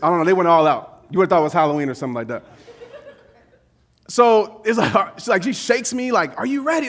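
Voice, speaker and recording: A man giving a motivational speech to a live audience, telling a personal story in an animated, casual way with slang. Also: high voice. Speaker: motivational speaker.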